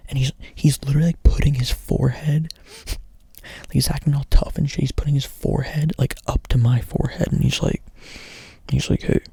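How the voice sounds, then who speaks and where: A man's voice: mid-range voice, fairly even intonation, moderate pace, gravelly, warm tone, husky, no room sound. A young man doing whispered ASMR storytelling up close to the mic, rambling casually and swearing a lot. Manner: rambling, profane, filler-heavy casual talk. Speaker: ASMR creator.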